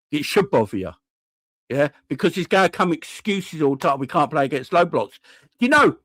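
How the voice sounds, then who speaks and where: A man's voice: fairly high pitch, fairly bright tone, dry recording. A man hosting a live-stream football fan channel, ranting heatedly, swearing and talking to his chat.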